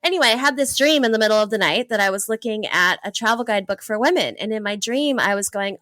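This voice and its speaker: A woman from Hawaii, in her thirties, telling travel stories in a casual interview, lively and laughing often. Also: medium pitch, fast talker, few pauses, no room sound. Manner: animated, laughs often, acts out her own past thoughts. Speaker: travel entrepreneur guest.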